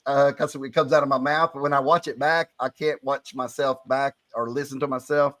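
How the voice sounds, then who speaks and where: A man's voice: mid-range voice, fairly even intonation, fairly quick, a bit bright, no room sound. Man with a strong Alabama twang. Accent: Alabama Southern. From Alabama, USA. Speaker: comic book creator, podcast co-host. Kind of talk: casual podcast chat.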